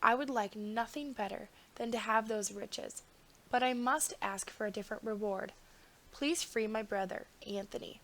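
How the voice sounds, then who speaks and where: A woman reading a storybook, playing a calm, wise young man who speaks carefully. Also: a little high. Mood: polite. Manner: careful, measured.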